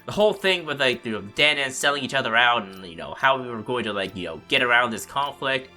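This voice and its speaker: Guy ranting over his game, bright lively voice, swears a lot, faint music behind. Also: mid-range voice, fast. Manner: frustrated, profane, lots of "like, you know". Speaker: let's play host. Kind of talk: casual gameplay commentary.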